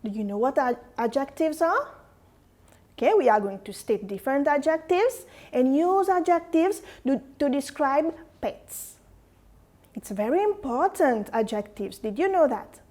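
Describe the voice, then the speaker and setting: A woman teaching an English vocabulary lesson to young students, explaining slowly and asking them questions. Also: high-pitched, expressive, darkish tone. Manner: slow, explaining, asks questions to the class. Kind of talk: classroom lesson addressed to students.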